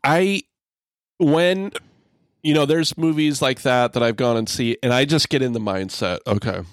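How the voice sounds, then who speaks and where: A man's voice: mid-range voice, normal speed, no room sound, studio quality. A man co-hosting a podcast in casual chat, telling stories and agreeing, while he has the hiccups. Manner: chatty, agreeing, storytelling. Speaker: podcast co-host.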